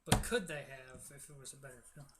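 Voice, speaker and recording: A man in his twenties moderating a casual debate with quick, probing questions. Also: medium pitch, a loud crowd. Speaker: host.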